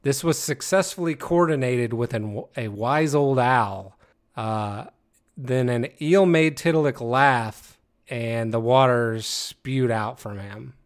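A man's voice: mid-range voice, slow. Guy hosting a guess-the-creature game, keeps cracking up while reading, mid-range voice. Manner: laughs mid-sentence, stumbles over words. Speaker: game host. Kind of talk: casual podcast game, reading descriptions aloud.

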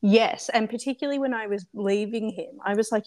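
A woman's voice: mid-range voice, brisk, darkish tone. A woman co-hosting a podcast in casual chat, often chiming in with short agreements before telling her own side. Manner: reactive, chimes in with short agreements and laughs. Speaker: podcast co-host.

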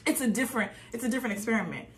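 A woman's voice: a little high, animated, racing. A woman co-hosting a casual chat about a reality show, playful and laughing often. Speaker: podcast co-host.

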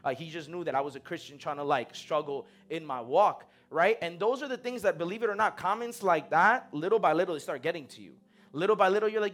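High-voiced young man preaching casually. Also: fast talker, fairly bright tone. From United States. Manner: conversational, slangy preaching with acted-out quotes. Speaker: pastor. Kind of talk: sermon.

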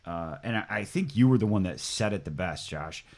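A man's voice: low voice, expressive, a little fast, a little mellow. A middle-aged man hosting a casual chat, talking emphatically, swearing freely and restarting his sentences often. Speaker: podcast host.

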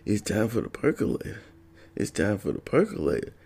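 A man's voice: deep voice, very animated, normal speed, gravelly, mellow, slightly rough, voice pushed up, exaggerated voice. A man doing a goofy sing-song young roommate. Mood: teasing. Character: goofy young male roommate singing teasingly.

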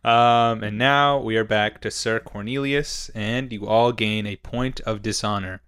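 A young man narrating a tabletop game as game master, casual and quick to laugh. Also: fairly low pitch, steady tone, fairly bright tone, clean tone, no echo, clean studio sound. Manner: laughs often, casual and upbeat.

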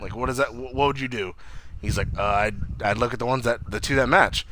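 A man's voice: medium pitch, fairly quick. A man casually recapping a TV episode, acting out characters' lines, swearing and laughing as he tells it. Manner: animated storyteller, acts out lines, swears, laughs. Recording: noisy recording.

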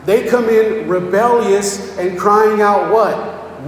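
A man with a high voice preaches at a slow pace, talking to his congregation in an everyday way and frequently asking "okay?" He's a pastor, captured from afar in a hall full of echo, with a little hiss or hum on the track.

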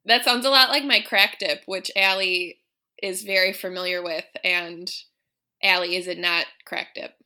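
A woman guest on a podcast, telling a family story in a casual, animated way and swearing freely. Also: lowish voice, normal speed. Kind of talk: casual chat.

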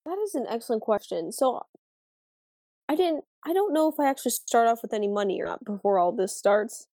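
A woman's voice: on the high side, animated, a little fast, mellow, dry recording, rough recording. A woman playing a tabletop game over an online voice call, speaking hesitantly as she searches for words. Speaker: player.

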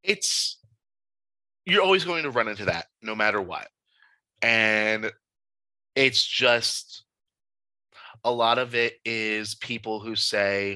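A man, a podcast guest, telling stories from his life in a casual, animated and emphatic way. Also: fairly low pitch, takes it slowly, no echo, rough recording. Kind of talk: casual storytelling.

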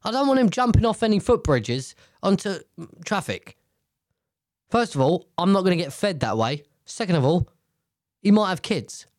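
A man's voice: sits high, sing-song, normal speed, a little mellow, dry recording, studio quality. A man hosting a solo podcast from a table at home, rambling in casual chat, swearing freely and often restarting his sentences. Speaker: podcast host.

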